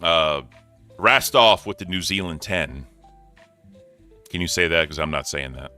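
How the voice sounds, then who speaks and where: A man's voice: sits low, lively intonation, a little slow, pushed and bright, soft background music. A man hosting a casual commentary stream, reacting loosely and swearing as he talks. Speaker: stream host.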